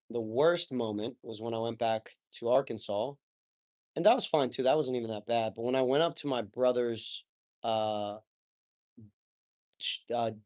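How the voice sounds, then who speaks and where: A young man speaks as a podcast guest in a mid-pitched voice. He tells his story openly and with emotion, and he swears casually and keeps saying "like" and "bro." The delivery is loose and conversational. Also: darkish tone. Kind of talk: candid personal storytelling.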